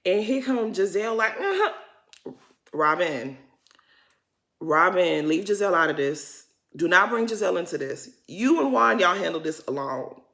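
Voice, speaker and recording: A woman's voice: on the low side, expressive, moderate pace, pushed and bright. Woman vlogger, casual recap, sassy and exasperated, talks back at the cast. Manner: sassy, exasperated, talks straight at the people on the show; chatty, loose grammar with lots of "y'all". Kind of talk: casual episode recap and commentary.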